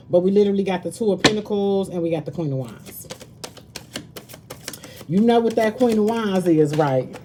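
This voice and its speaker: A woman's voice: medium pitch, normal speed, pauses often, background noise. A woman tarot reader chatting casually with her viewers on a live stream, slangy and talkative, calling them baby and girl. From Southern United States.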